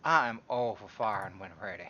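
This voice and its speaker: A man playing a tabletop game, making dry, unhurried remarks. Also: fairly low pitch, animated, lo-fi sound, a crowd in the background. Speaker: player. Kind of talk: tabletop role-play chat.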